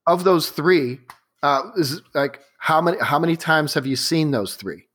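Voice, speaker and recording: A man co-hosts a casual podcast, asking curious follow-ups and adding wry jokes. His voice sits a bit higher than most men's. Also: moderate pace, a bit bright. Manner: curious questioner, wry humor. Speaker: podcast co-host. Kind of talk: casual chat and read advert.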